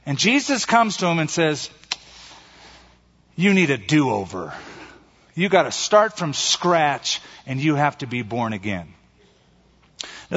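A man delivers a sermon in an emphatic preaching style, drawing out the key phrases. His voice sits a little high for a man. The recording is somewhat muffled and carries the long reverb of a large hall. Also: fairly bright tone, slightly rough. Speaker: pastor.

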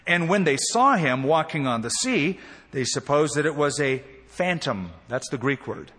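A man preaches a sermon from the pulpit, telling the story animatedly with swings between emphasis and quiet asides. His voice sits a little high and sounds a bit husky. It rings out with a long reverb in a church sanctuary. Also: lively intonation, moderate pace. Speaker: pastor.

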